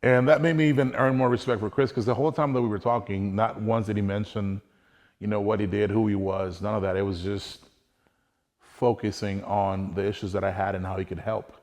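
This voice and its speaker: A man's voice: lowish voice, steady tone, fairly quick, darkish tone, big-room sound. A man earnestly telling a personal hunting story in a casual, conversational way, acting out bits of dialogue as he goes.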